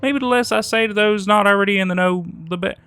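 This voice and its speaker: A guarded diner manager, a woman who talks hesitantly and picks her words with care, as a man puts her on. Her voice is a little higher and livelier than the narrator's, with a gravelly edge. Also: fast talker, bright, forceful tone, no echo.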